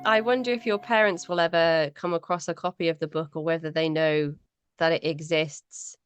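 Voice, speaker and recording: A woman's voice: low voice, fairly even intonation, normal speed, highs cut off, faint music behind. A woman hosting an interview podcast, asking reflective questions and reacting with enthusiasm. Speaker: podcast host. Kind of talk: interview questions and casual chat.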